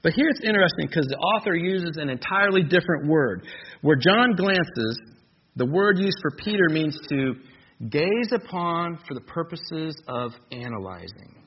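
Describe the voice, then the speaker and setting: A man's voice: on the high side, animated, normal speed, breathy edge. A man preaching an expository sermon, stressing key phrases by repeating them. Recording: dull lo-fi recording with faint noise.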